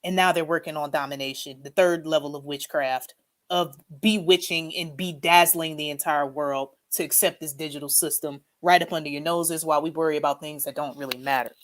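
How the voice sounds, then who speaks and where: A woman's voice: deep voice, steady tone, brisk. A woman hosting a casual livestream, commenting emphatically and sarcastically and often tagging her lines with "okay?". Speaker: channel host.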